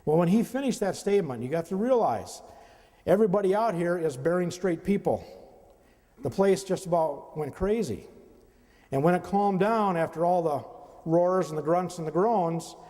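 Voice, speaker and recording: Guy giving a talk in a big echoey hall, kinda high voice, chatty, keeps quizzing the crowd. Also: lively intonation, normal speed, mellow. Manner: conversational, quizzes the audience. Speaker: lecturer. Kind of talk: lecture with slides. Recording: long reverb of a hall.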